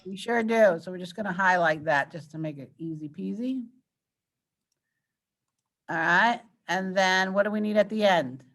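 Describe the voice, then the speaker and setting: Woman teacher, patient, coaxing questions, online class, mid-pitched voice, computer mic. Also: normal speed, long pauses, a bit bright.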